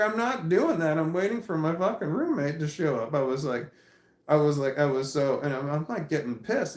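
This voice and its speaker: Animated, profane man telling a story. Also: a little high. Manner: animated, profane, repeats himself while recounting. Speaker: vlogger. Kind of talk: casual storytelling to camera. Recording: roomy echo.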